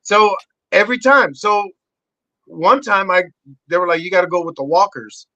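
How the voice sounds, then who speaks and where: Animated, swearing male podcast guest. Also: normal speed, no room sound, lo-fi sound. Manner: excitable, swearing, acts out voices in high shouts. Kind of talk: animated storytelling.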